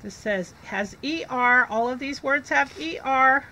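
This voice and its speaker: A woman with a high, bright voice leads a children's reading lesson. She talks slowly and clearly, sounding out letters and words to encourage young learners. A faint hiss of background noise sits under her voice. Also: rough recording. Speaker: reading teacher.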